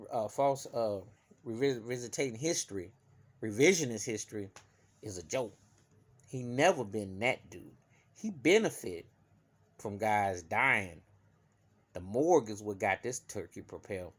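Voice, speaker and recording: A man vlogging an emphatic opinion rant, swinging from loud outbursts to low muttering. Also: expressive, measured pace.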